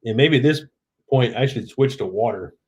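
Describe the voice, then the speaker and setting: A middle-aged Oklahoma man with a Southern accent hosts a laid-back late-night live stream from his home, reading viewer comments out loud while a bit tipsy from drinking. His mid-range voice has a darkish tone, lively intonation, and a moderate pace.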